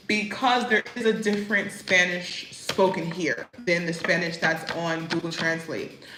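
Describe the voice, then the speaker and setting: A woman's voice: on the low side, a little hiss or hum. Chatty woman in an echoey room. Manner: chatty, animated, fillers like "like" and "you know what I mean". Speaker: vlogger. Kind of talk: casual chat. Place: living abroad as an expat.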